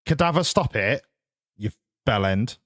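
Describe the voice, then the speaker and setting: A man's voice: mid-range voice, animated, unhurried, a bit bright, no room sound. A man streaming a game as a hobby, chatting casually and sweary with his viewers in rambling banter. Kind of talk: casual live-stream chat to viewers while gaming.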